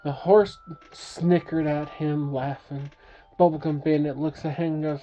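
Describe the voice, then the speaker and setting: A woman reads a playful bedtime tale, stopping to quiz her listener and to make sound effects. Her voice is low and mellow. It comes through a dull, lo-fi recording. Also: fairly even intonation, unhurried. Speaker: storyteller. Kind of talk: bedtime story narration.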